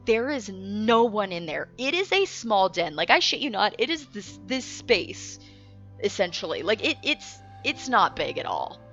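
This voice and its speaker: Young woman host telling a story, bright punchy voice, laughs a lot, kinda muffled recording. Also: mid-range voice, a little slow. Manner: animated, laughing often, swearing freely. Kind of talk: casual storytelling. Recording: dull lo-fi recording with faint music.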